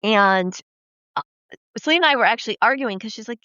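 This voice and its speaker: A woman with a fairly high voice hosts a casual podcast chat. She tells her stories with plenty of swearing and acts out what people said. The sound is dry and a little dull, like lo-fi podcast audio. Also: fast talker, no room sound. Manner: profane, lively storyteller acting out quotes. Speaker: podcast host.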